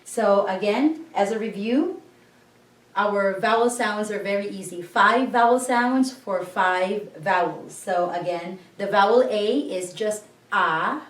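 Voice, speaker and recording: A woman teaching a language lesson, slowly and patiently breaking words into syllables and asking learners to repeat. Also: mid-range voice. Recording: echoey room, voice a bit far from the mic.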